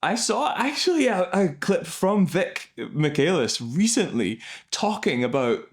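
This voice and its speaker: A man, an improv coach hosting, explaining scenes in an animated, enthusiastic way. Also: high-pitched, measured pace, a little hiss or hum. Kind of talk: reaction and analysis commentary.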